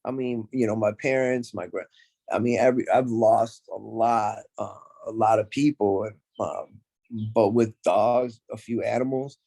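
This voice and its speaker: A man's voice: lowish voice, fairly even intonation, moderate pace, creaky, warm tone. A man as a podcast guest in casual chat, speaking from the heart and rambling with many fillers.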